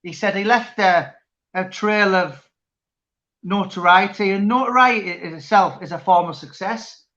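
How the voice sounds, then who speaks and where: A man's voice: high-pitched, unhurried, bright, forceful tone, muffled recording. A man chatting casually as interviewer, rambling with many restarts. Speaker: interviewer and author. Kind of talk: casual chat.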